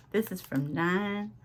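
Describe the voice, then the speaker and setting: A woman with a Southern US accent, chatting casually at her home craft desk as she hosts a crafting vlog, drawn-out and full of laughs. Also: mid-range voice, background noise. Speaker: crafting channel host.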